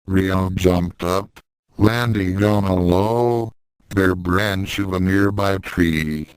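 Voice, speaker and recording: A man narrating fan fiction as an audiobook in a measured, even storytelling manner. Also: sits low, smooth, no echo, low-quality recording.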